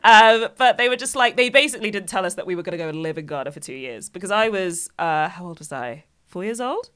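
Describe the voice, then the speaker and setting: A woman comedian chatting on a podcast, her lowish voice bright and forceful. She spins playful anecdotes and breaks into laughter between lines. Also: lively intonation, quick pace. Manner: playful storytelling, laughs often. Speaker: guest comedian. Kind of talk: casual podcast chat.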